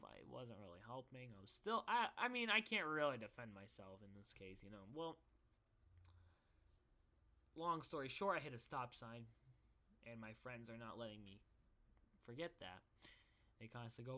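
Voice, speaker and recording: Bright-voiced young man telling a story. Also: medium pitch, big pitch swings, normal speed, pauses often. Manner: rambling, swearing, many restarts. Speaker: vlogger. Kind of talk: casual storytelling.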